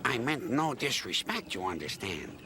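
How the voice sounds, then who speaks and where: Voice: mid-range voice, big pitch swings, moderate pace, lightly acted. A man voicing a humble, earnest brake van in a children's storybook show, heard in a noisy played clip. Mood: earnest, polite. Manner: polite, earnest.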